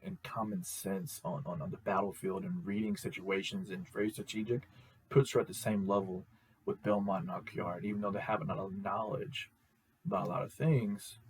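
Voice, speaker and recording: Brief: slangy young male reviewer, low, breathy, keeps repeating himself. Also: rough recording. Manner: excitable, repetitive, slangy. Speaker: host, reviewer. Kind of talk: casual enthusiastic show review.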